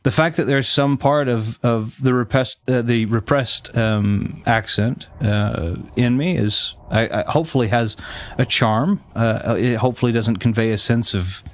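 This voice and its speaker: A man's voice: medium pitch, a little slow. A man from the Southern United States with a neutral General American accent, hosting a game stream and chatting with viewers in a rambling, self-correcting way. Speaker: streamer host. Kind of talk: casual stream chat with viewers.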